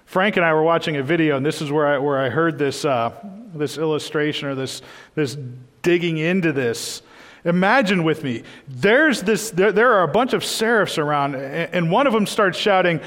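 A man's voice: a little high, expressive, moderate pace, fairly bright tone, long reverb tail. A man preaching a sermon in a church, earnest and emphatic, often repeating his phrases.

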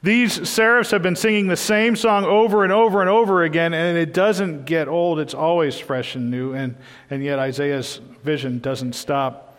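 A man's voice: fairly high pitch, steady tone, normal speed, big-room sound. A man preaching a sermon in a church, earnest and emphatic, often repeating his phrases.

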